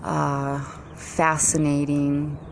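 A woman talking to camera at home in a meandering way, with drawn-out words and many fillers. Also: low-pitched, completely flat delivery, creaky, background noise. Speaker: vlogger. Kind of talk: rambling casual monologue. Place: at home, walking into her garage with dogs barking nearby.

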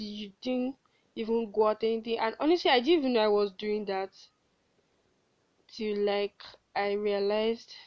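Her voice on the high side and a little mellow, a late-teen young woman hosts a solo podcast where she's candid, rambles, swears bluntly and laughs at herself. It's a dull, dry lo-fi home recording.

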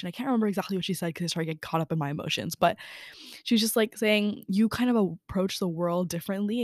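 A woman's voice: fairly low pitch, a little mellow, no room sound, clean studio sound. A young woman hosting her own podcast, chatting candidly about her day and feelings, with lots of "like" and some swearing. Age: young adult. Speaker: podcast host. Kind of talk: casual personal chat. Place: indoors by a window.

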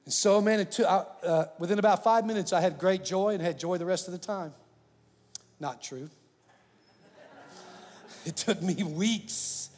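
A man preaching with a high voice that climbs even higher on his loudest lines, then drops to a near hush. His delivery is animated and personal. Long reverb trails behind him in a large hall. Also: normal speed, long pauses. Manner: animated, swings from loud to hushed. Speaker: pastor. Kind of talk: sermon.

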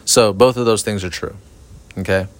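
A man hosting a casual solo podcast, ranting in a flat, monotone way, swearing often and rambling. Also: fairly low pitch, normal speed. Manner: profane, rambling, self-aware. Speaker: podcast host. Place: outdoors at night near an apartment complex. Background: sprinklers.

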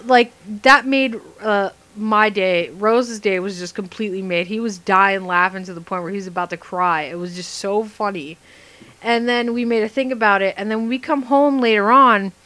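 A young woman chatting casually, telling a funny story in an animated way and laughing often. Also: medium pitch. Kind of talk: casual chat.

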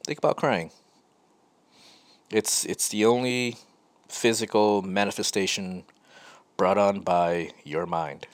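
A man's voice: low-pitched, dry recording. A man hosting a podcast, telling a personal story in a rambling, conversational way full of self-corrections. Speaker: podcast host. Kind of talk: casual storytelling monologue.

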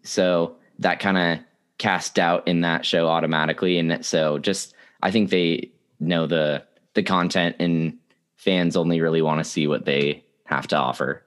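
A man's voice: sits low, fairly even intonation, a little slow. A young man co-hosting a podcast, chatting casually and laughing often. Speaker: podcast co-host. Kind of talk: casual chat.

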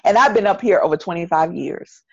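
A woman's voice: fairly low pitch, brisk, gravelly, slightly rough, no room sound, highs cut off. A middle-aged woman with a Southern North Carolina accent, talking earnestly as a podcast guest and repeating phrases for emphasis. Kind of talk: casual interview conversation.

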